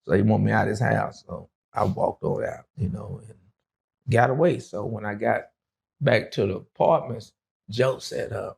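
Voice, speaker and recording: Middle-aged man, gravelly, husky, rambling casual storytelling. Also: fairly low pitch, normal speed, a little mellow. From Dallas, Texas. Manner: rambling, with many fillers and acted quotes. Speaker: guest telling his life story.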